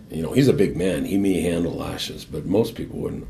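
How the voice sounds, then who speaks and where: An older man, a former hockey captain, telling his personal faith story as a guest in an earnest, animated way and then leading a prayer. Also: low voice, fairly quick, gravelly, few pauses, a little hiss or hum.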